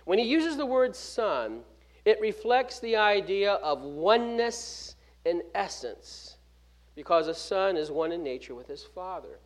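A man preaching a sermon, stressing key words and dropping from loud to hushed, with restarts and 'uh' fillers. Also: sits high, very animated, slow pace. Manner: emphatic preaching with sharp swings from loud to hushed; fills gaps with 'uh' and restarts words mid-phrase. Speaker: pastor.

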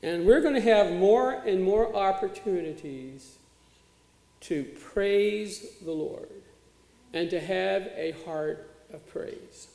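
A man's voice: high-pitched, takes it slowly, creaky, a little mellow. A man preaching a sermon as pastor, in a plain conversational way with occasional fillers, recorded in a church sanctuary. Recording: echoey church hall.

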